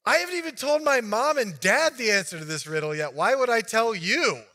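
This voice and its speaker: A man's voice: very high voice, expressive, fairly quick, pushed and bright, voice pushed up, full character voice. A preacher acting out a cocky, boastful young strongman taunting his groomsmen. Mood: exasperated. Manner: brash, boastful.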